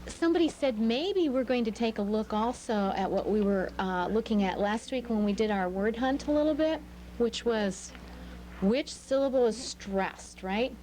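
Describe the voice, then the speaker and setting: A woman's voice: on the high side, normal speed, mellow, slight background noise. Patient woman teaching a word lesson. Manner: patient, prompting questions. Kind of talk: small-group phonics lesson.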